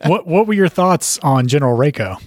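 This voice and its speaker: A man's voice: a little high, lively intonation, fairly quick, darkish tone, no echo, clean studio sound. A man co-hosting a casual podcast chat, wry and opinionated, prodding the others with questions. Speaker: podcast co-host.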